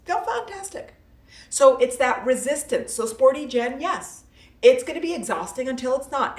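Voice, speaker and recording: A woman with a fairly high voice gives a casual motivational talk to a live audience. She is playful and emphatic and leans on repetition. She sounds a little distant from the mic, in a roomy, echoing space. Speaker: live-stream host and self-help coach.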